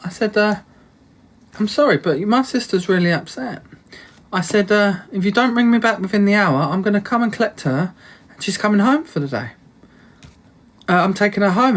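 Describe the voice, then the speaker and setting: A man in young adulthood tells a long story straight to camera. He rambles and repeats himself, stacking up reported lines with a steady, indignant edge. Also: high-pitched. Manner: indignant, rambling with many fillers and "I said" asides. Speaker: vlogger.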